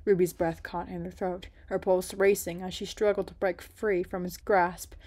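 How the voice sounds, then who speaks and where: A woman reading a romance story aloud in a soft, dramatic way. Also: fairly low pitch, level tone, moderate pace. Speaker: story reader.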